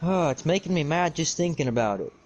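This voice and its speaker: A man's voice: fairly high pitch, animated, brisk, poor audio. A young man telling an exasperated, sarcastic, rambling story on a livestream. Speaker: streamer.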